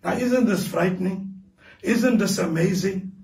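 A man with a South African accent preaching a fervent sermon as pastor, building to shouted declarations in a large church hall. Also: high-pitched, unhurried, vocal fry, far from the mic. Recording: echoey hall, voice picked up from afar.

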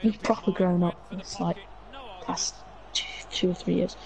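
A young man playing a co-op football game, excitable and swearing constantly. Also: high-pitched, measured pace, gravelly, poor audio. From England. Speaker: gamer. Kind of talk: casual co-op gaming chat.

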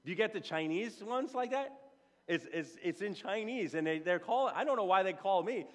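Animated man preaching in a reverberant church. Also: high-pitched, fairly quick. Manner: animated storytelling, repeats words when building up. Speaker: pastor. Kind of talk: sermon. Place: church sanctuary. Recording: long reverb in a church hall.

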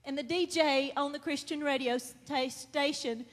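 A woman's voice: high voice, fairly even intonation, a little slow. A woman giving an earnest church testimony that builds to fervent praise. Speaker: testimony speaker. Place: church hall. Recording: long hall reverb.

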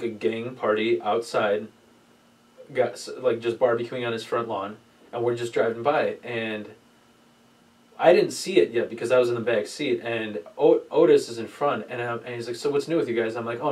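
A man's voice: mid-range voice, normal speed, darkish tone, recorded from a distance, rough recording. A man telling a crude story in a rambling, profane way, often laughing at himself. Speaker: podcast co-host.

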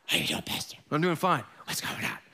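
A man does Batman in a low, rough, half-whispered growl, a tough masked male vigilante who speaks in short, curt bursts. The voice drops quiet and gravelly, full of tough-guy menace, as a bit of comic impression. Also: huge pitch swings, brisk, full character voice. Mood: gruff.

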